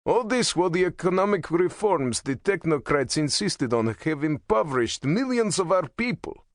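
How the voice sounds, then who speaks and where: A man's voice: a little high, very animated, normal speed, no echo, clean studio sound, voice pushed up. A man narrating an audiobook voices a bitter, blunt male president who growls his words with venom.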